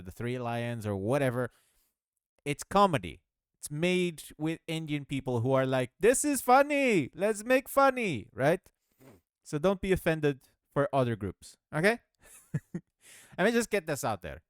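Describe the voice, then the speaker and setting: A man talks through his game development in a loose, rambling way, often laughing at himself. His voice is smooth and clear, with a pitch that swings around a lot. The recording is close and dry. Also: no room sound. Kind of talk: casual rambling devlog commentary.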